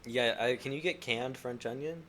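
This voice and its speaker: A man co-hosting a podcast in casual chat, playful and teasing, quick to laugh. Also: medium pitch, a bit bright, a little hiss or hum. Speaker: podcast co-host.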